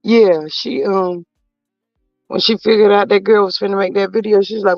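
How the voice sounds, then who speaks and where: The voice sits high and moves at a moderate pace, with no echo. It belongs to a man hosting a casual live-stream commentary, gossiping sassily in a drawl and reading viewers' chat, recorded as slightly dull lo-fi audio with faint music.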